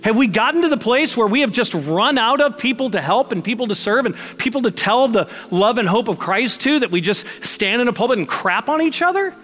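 A man's voice: extremely high pitch, animated, fairly quick, hardly any pauses, fairly bright tone, long reverb tail. A man preaching a sermon as pastor, conversational and emphatic, mixing blunt jokes into his points.

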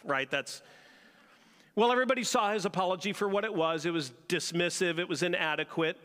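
A man delivering a sermon in a church sanctuary, his voice a touch high and ringing bright. He keeps turning to the congregation with rhetorical questions, and a long hall reverb trails every phrase. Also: a little fast. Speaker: pastor.

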